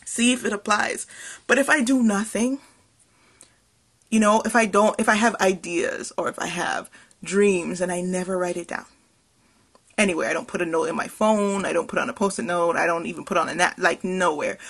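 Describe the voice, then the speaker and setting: A woman's voice: on the low side, gravelly, a bit bright, slightly rough. Earnest, passionate woman podcast host. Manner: earnest, self-reflective, with frequent fillers and small laughs; passionate, emphatic delivery. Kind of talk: reflective solo podcast talk.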